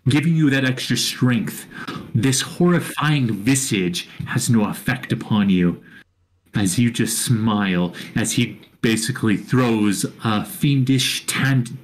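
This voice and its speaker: A man narrating a tabletop battle as dungeon master, drawing out each scene in slow, descriptive lines. His voice sits at an ordinary middle pitch, and he stops now and then to find the next word.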